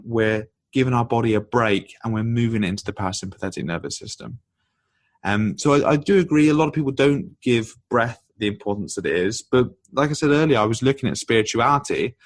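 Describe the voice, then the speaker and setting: A man being interviewed as a guest author on a podcast, explaining ideas in an energetic, conversational way. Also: medium pitch, no echo.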